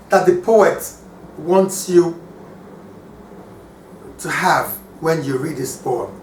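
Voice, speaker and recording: A man teaching a lesson on poetry, slow and deliberate, repeating key points for his students. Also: high-pitched. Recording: echoey room, distant mic, faint hiss.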